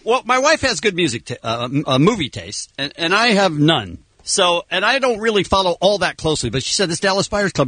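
A man's voice: high-pitched, very animated, a little fast, hardly any pauses, sharp tone, no echo. A man hosting a radio show, wisecracking and playfully flirting with a guest. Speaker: radio host. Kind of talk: morning radio banter.

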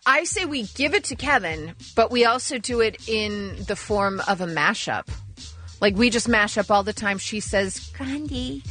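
A woman's voice: mid-range voice, lively intonation, moderate pace, fairly bright tone, soft background music. A woman co-hosting a morning radio show, telling a celebrity gossip story in a chatty way. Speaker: radio co-host.

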